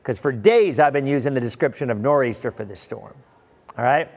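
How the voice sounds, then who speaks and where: A man's voice: medium pitch, animated, normal speed, in a large hall. A middle-aged man, a meteorologist giving a live weather update, reassuring and emphatic, repeating points. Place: live stream studio.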